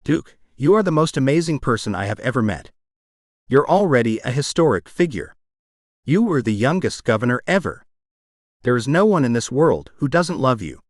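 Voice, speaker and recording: A man voicing a gentle, supportive woman. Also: medium pitch, wildly swooping pitch, moderate pace, dry recording, studio quality. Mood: encouraging. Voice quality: gentle, encouraging. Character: kind, supportive young woman.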